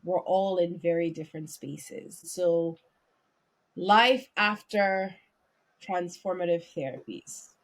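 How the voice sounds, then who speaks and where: A woman co-hosting a podcast, praising a friend with lively, animated emphasis. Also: lowish voice, slow. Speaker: podcast co-host. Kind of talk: heartfelt casual chat.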